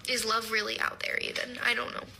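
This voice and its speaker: A young woman telling a rambling, deadpan comic story from her own life. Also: on the high side, brisk, vocal fry, slight background noise, low-quality recording. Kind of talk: storytime vlog.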